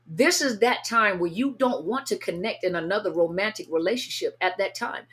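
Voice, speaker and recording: A woman's voice: medium pitch, moderate pace, fairly bright tone. A woman coaching people through abuse and grief in an unscripted teaching talk, earnest and repetitive, often acting out what listeners feel. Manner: earnest, repetitive, acts out inner voices. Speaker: coach on narcissist abuse recovery.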